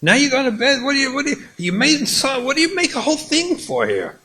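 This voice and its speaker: A man's voice: medium pitch, animated, sharp tone, voice pushed down, low-quality recording. Man playing a grudging, defensive husband. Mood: irritated. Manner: grudging, defensive, quick to bristle. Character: grudging husband who wants steak.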